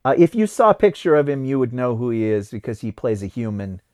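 Chatty podcast host with a lively voice. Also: male voice, medium pitch, fast talker. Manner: chatty, reads names off a list and looks them up. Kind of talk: casual chat.

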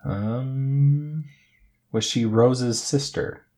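A man's voice: mid-range voice, very slow, a little mellow. A man co-hosting a podcast in a casual chat, laughing often and giving tentative answers. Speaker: podcast co-host.

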